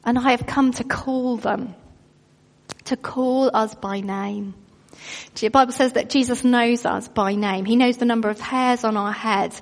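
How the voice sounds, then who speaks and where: Woman preacher, higher-pitched, emphatic sermon delivery, long hall reverb. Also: fairly even intonation, gravelly. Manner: emphatic, slows down on key phrases.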